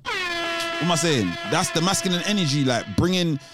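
A man's voice: high voice, wildly swooping pitch, moderate pace, loud music behind the voice. A man chatting casually as a co-host, rambling off on tangents with lots of restarts and street slang. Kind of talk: casual chat.

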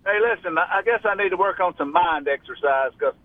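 A man's voice: high-pitched, a little fast, dry recording. A man from Alabama with a Southern accent, calling into a radio show and chatting in a rambling way with many restarts. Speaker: radio caller. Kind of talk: casual phone call. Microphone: phone. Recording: tinny phone line.

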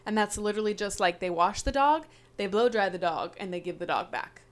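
A young woman telling a story on a podcast in a casual, animated way, swearing freely and peppering her talk with "like". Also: medium pitch, a little fast. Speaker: podcast guest.

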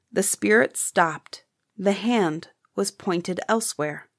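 Slow, measured woman narrator. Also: mid-range voice. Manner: calm, measured storytelling. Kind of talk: scripted audiobook narration.

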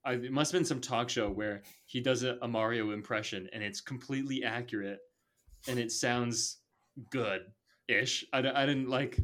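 A man's voice: mid-range voice, normal speed, fairly bright tone. A man co-hosting a casual movie podcast, talking bluntly and laughing often, with casual swearing. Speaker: podcast co-host. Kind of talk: casual chat.

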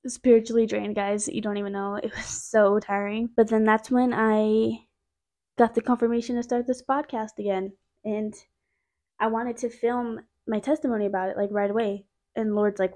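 A woman's voice: on the high side, level tone, normal speed, warm tone. A young woman hosting a podcast, telling a personal faith testimony in a casual, chatty way, with many fillers and asides to her listeners. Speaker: podcast host.

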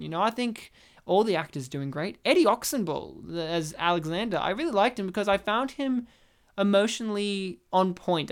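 A man's voice: sits high, clear, resonant tone. A man co-hosting a casual film chat, joking around and spinning absurd made-up stories, often laughing as he talks. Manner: laughs often while talking. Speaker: podcast co-host reviewing films.

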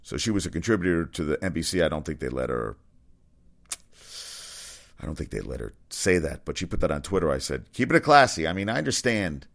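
A man's voice: rumbling low, lively intonation, a little fast, vocal fry. A man hosting a casual opinion commentary, blunt and rambling, swearing freely. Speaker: commentary host.

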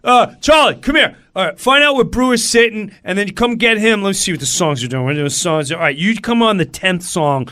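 Man putting on a pushy excitable guitarist, high strained voice, loud, insistent. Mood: bossy. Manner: loud, insistent, rapid-fire. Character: pushy excitable male rock guitarist, middle-aged.

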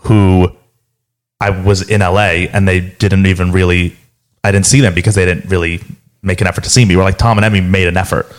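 A man's voice: low-pitched, steady tone, brisk. A young man chatting casually, reflective and earnest, with lots of likes and restarts. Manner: reflective, earnest, many fillers. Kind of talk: casual chat.

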